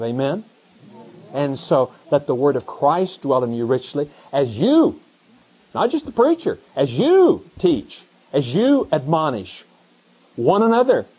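A middle-aged man, a pastor, preaching a conversational sermon that swings between hushed asides and excited emphasis. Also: medium pitch, slightly rough, low-quality recording.

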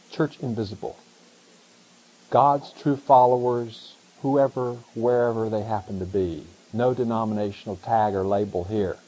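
Husky animated male pastor preaching. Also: poor audio. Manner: animated, rising to emphatic high questions. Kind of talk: sermon.

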